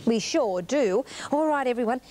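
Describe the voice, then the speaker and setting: High, gushing Australian woman presenter. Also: animated, moderate pace, darkish tone, slight background noise. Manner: gushing, exclamatory, coaxing. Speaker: children's TV presenter. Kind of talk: sing-song talk to young children. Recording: 1980s TV studio, music behind.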